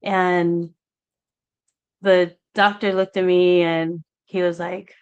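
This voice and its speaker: Brief: unhurried woman guest, earnest and halting, personal testimony. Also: lowish voice, flat delivery, smooth, highs cut off. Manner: halting, earnest, reenacts past talk in quotes. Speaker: guest sharing her story. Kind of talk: personal testimony on a live talk show.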